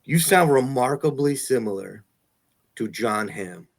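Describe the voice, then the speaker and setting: A man interviewing a guest in a relaxed conversation, joking and laughing often. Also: mid-range voice, a little slow, creaky. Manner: laughs often, loose and chatty. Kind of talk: casual chat.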